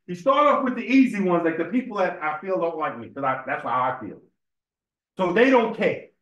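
Fairly quick and expressive, this man's high-pitched, fairly bright voice comes through lo-fi sound in an echoey room. He gives an informal sermon at a religious temple meeting, recounting personal stories, repeating words and often asking "right?".

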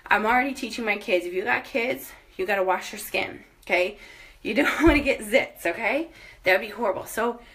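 A woman's voice: mid-range voice, fairly quick, a bit bright. Upbeat woman chatting on a house tour. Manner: upbeat, chatty, says "okay?" and "guys" often. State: out of breath. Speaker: vlogger giving a house tour. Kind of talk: casual product tour talking to camera. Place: inside a house, walking from room to room.

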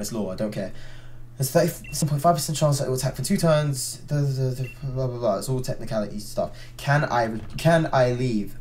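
A man's voice: mid-range voice, a little mellow, slight background noise. Exasperated young man ranting over a game. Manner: exasperated ranting, thinking aloud; frequent restarts and swearing under his breath. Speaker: gaming channel host. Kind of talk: let's play commentary.

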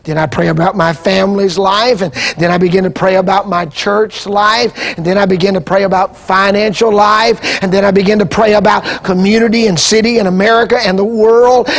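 A male preacher with a strikingly high voice delivers an impassioned sermon. He builds into fervent shouts and leads the congregation in call-and-response. The sound comes from an archival television broadcast. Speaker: pastor.

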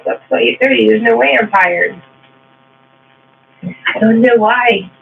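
A high-pitched man chats with his live viewers as he sews, repeating little phrases and teasing himself. His voice has a gravelly edge. The sound is thin and phone-like, with a faint electrical hum underneath. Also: measured pace, recorded from a distance. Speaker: livestream sewing host. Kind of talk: casual chat with live viewers while sewing. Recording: tinny phone-like line with faint mains hum.

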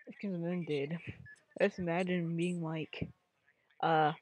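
A woman's voice: fairly low pitch, fairly even intonation, a little slow, a little mellow. Rambling woman reacting to videos. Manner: rambling, jumps between topics. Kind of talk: casual reaction commentary.

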